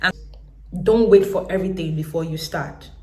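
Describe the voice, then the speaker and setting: A Nigerian woman in her thirties, telling her own story to camera in a lively way. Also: on the low side, moderate pace, roomy sound. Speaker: business owner.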